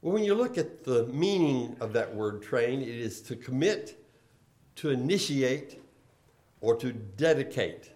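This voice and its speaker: A man preaching a sermon, posing rhetorical questions and swinging between emphatic and quiet delivery. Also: medium pitch, animated, unhurried. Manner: rhetorical questions, emphatic rises and drops in volume.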